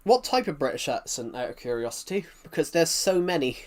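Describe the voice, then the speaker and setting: Man, thick regional accent, somewhat high pitch, halting live-stream talk while gaming. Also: very animated, a little mellow. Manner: rambling, halting, many restarts.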